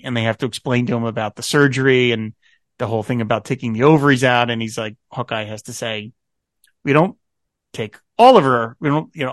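A man's voice: medium pitch, dry recording, clean studio sound. A man co-hosting a podcast in casual chat, recapping a TV episode with frequent laughs and quoted lines. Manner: animated, laughing often, quoting characters. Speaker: podcast co-host.

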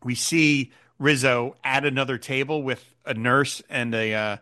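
A man's voice: medium pitch, fairly even intonation, a little slow, bright, forceful tone. A man co-hosting a podcast, animatedly recapping a TV episode in casual chat and retelling scenes with quoted lines. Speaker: podcast co-host.

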